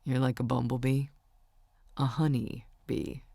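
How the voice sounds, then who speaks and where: An easygoing young male country singer speaks in a low, soft, teasing voice, as a woman narrator reads his part. The audiobook is recorded close and dry, with no room around the voice. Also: level tone, unhurried, gravelly, no echo, exaggerated voice.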